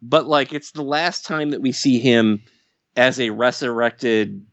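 A man on a casual podcast who talks about movies in a calm, measured way and stops often to find his words. His voice sits at a middle pitch. It sounds dry and close, with no room echo. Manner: thoughtful, measured, hesitant with fillers. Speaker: podcast co-host.

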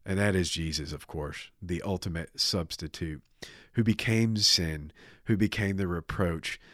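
A man's voice: low voice, measured pace, no room sound, studio quality. A man preaching a sermon, retelling a scripture story casually and acting out the characters' lines. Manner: animated retelling with voiced quotes, casual fillers. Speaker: pastor.

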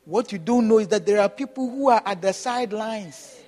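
A man's voice: sits high, brisk. A man preaching a sermon, repeating his phrases and urging his listeners on with emphatic exhortation.

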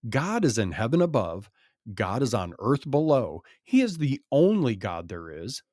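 A man's voice: fairly low pitch, darkish tone, no room sound, studio quality. A man hosting a podcast, reading Bible passages aloud with emphatic commentary and the odd laugh. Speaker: podcast host reading scripture.

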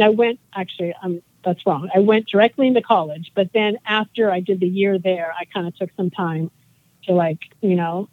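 A woman's voice: medium pitch, no room sound. A woman in her forties speaks earnestly and at length, her thoughts rambling from one point to the next. Her voice comes through a thin, phone-like line with a dry, close sound and no room around it. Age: 40s. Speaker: guest. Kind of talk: casual interview chat.

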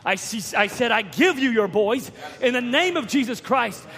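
A man preaching a sermon, telling a story with repeated words and rising to shouts at key points. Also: extremely high pitch, lively intonation, moderate pace, gravelly, breathy edge. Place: church hall. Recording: long reverb of a church hall.

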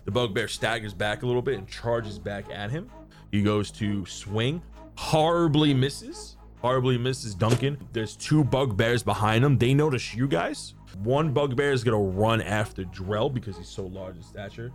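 A man narrating a tabletop game as game master, casual and animated, with many filler words. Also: mid-range voice, moderate pace, faint music behind.

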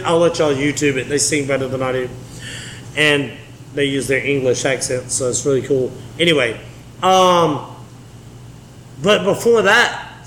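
A man runs a casual solo sports podcast, chatty and joking as he speaks right to his listeners. His voice sits a little high and rings off the walls of an echoey room, with a faint hiss underneath. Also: fairly bright tone. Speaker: podcast host.

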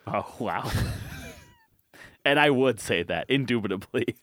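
A man co-hosting a casual comedy podcast, telling stories in an animated way and breaking into shrill shouted bits. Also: slow pace, no echo. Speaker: podcast co-host. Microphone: studio podcast mic.

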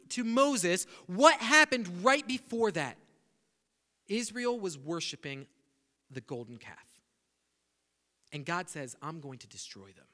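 A man preaching a sermon, animated, putting questions to his listeners. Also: very high voice. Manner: animated, asks the audience questions. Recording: long hall reverb.

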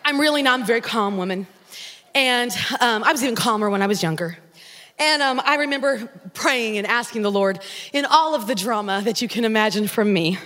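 A woman pastor preaching a sermon, telling a story with dramatic, animated delivery. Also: on the high side, brisk. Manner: animated, dramatic retelling with acted-out prayers and voices. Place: church sanctuary. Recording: long church reverb.

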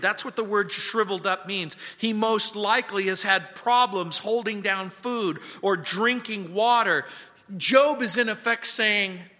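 A pastor teaching verse by verse through a Bible book, earnest, sometimes dropping his voice to a hush. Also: high voice. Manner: earnest, drops to a hushed voice at times. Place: church sanctuary. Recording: church hall reverb.

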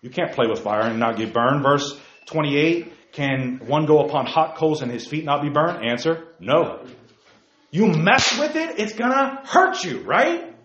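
A man leading a Bible study in a fiery preaching style, emphatic, firing off rhetorical questions and leaping to near-shouts. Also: a little high, lively intonation, measured pace, a little hiss or hum. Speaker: Bible teacher. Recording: roomy, dull lo-fi sound.

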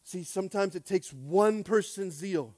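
A male pastor with a high voice, preaching a lively sermon that jumps from shouted calls to quiet, chatty asides. He talks plainly and casually, stumbling over restarts and often asking "are you with me?" The sound is close and dry, with no room echo. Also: a little slow. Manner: calls for response from the congregation; casual, conversational phrasing with frequent restarts.

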